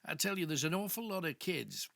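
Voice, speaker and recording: A man hosting a late-night radio show, interviewing a caller in a warm affirming way. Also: fairly high pitch, big pitch swings, brisk, gravelly, no room sound. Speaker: radio host. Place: radio studio.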